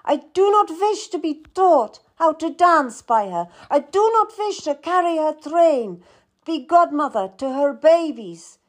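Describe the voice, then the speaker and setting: Woman doing a young noble lady, distraught, earnest, high-voiced, slow. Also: very animated, a little mellow, full character voice.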